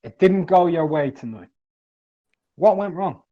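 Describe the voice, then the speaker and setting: A man's voice: fairly high pitch, animated, a little slow, mellow, lo-fi sound. A man playing a ringside interviewer, asking pointed, provocative questions after a mock fight.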